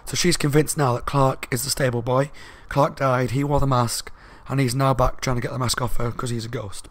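A man giving a casual spoken book review, talking fast and loud and rambling along with asides. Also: mid-range voice, flat delivery, no echo.

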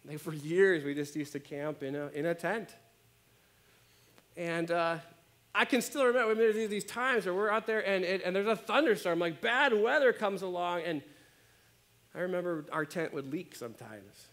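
A man preaching a sermon as pastor, conversational and animated, often checking in with his listeners. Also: on the high side, moderate pace. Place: church.

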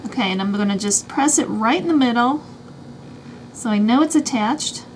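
High-voiced woman explaining a craft. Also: expressive, normal speed, slight background noise. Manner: chatty, explains each step as she works. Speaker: craft channel host. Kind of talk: step-by-step craft tutorial.

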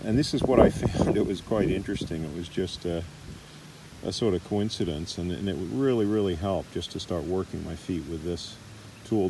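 A middle-aged Australian man demonstrating massage techniques in a relaxed, chatty way, recorded in a park. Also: sits low, slight background noise. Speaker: massage teacher. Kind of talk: casual demonstration. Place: park outdoors.

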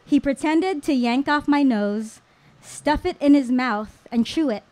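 A woman in her thirties telling a personal story live on stage at a small venue, slow and deliberate with dramatic pauses. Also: high-pitched, darkish tone. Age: 30s.

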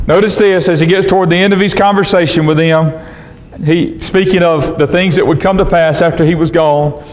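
A man preaching a sermon as pastor, reading scripture in old-fashioned wording and restarting phrases as he goes. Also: high voice. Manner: preaching in King James wording with frequent restarts. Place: church sanctuary. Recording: long church reverb.

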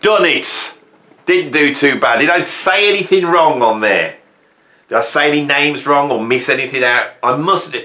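A middle-aged man hosting a music channel, ranting at his viewers in a theatrical, self-mocking way, swinging from hushed asides to loud bursts. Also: a little high, expressive, moderate pace. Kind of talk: casual mock-rant to camera. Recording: echoey room.

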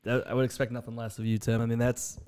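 Fast-talking male podcast host. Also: medium pitch, flat delivery, darkish tone, smooth. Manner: affirming, chimes in with agreement. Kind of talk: casual chat. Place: podcast studio.

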